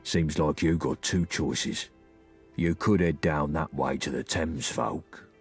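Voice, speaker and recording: A man doing a husky drawling London gang boss. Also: rumbling low, steady tone, slow pace, soft background music, exaggerated voice. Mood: sly. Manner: sly, drawling, mocking. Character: smooth-talking male London gang leader.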